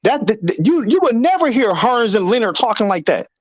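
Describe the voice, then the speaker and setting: A man co-hosting a casual boxing debate, animated, acting out quotes and repeating himself as he argues. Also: very high voice, brisk, dry recording, muffled recording. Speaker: boxing show co-host.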